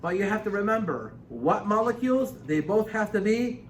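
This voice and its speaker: A man teaching a chemistry class, lecturing with emphatic, animated repetition of key points. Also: sits high, moderate pace. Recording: echoey classroom from far off.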